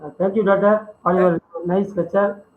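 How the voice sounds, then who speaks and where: A man's voice: high voice, fairly even intonation, moderate pace. A man moderating an online event, polite and formal, calling people sir. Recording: echoey tinny call audio from far off.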